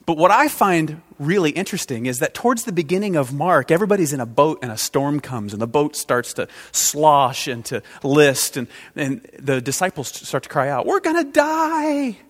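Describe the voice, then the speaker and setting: A man preaching a sermon, swinging from loud outbursts to hushed intensity. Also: fairly high pitch, normal speed, few pauses. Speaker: pastor. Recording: long reverb of a large hall.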